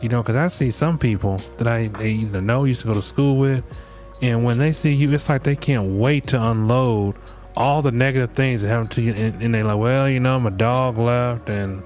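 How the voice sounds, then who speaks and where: A man's voice: mid-range voice, a little fast, a little mellow. Blunt man ranting over music. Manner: blunt, profane, acts out quoted voices. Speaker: podcast host. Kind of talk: solo comedic rant.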